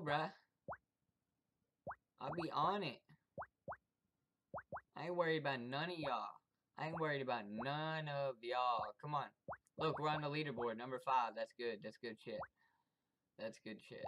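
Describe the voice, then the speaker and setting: A gameplay commentator who trash-talks enemies in profane, excitable bursts and yelps when startled. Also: medium pitch. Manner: taunts the game's enemies directly. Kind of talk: let's-play commentary.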